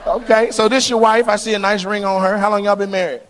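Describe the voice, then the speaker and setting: Brash high-voiced male comedian teasing. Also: fairly even intonation, fast, a little hiss or hum. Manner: teasing, brash, often laughing mid-line. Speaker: stand-up comedian. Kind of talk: crowd work stand-up. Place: comedy club stage before a live audience. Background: audience laughter and clapping.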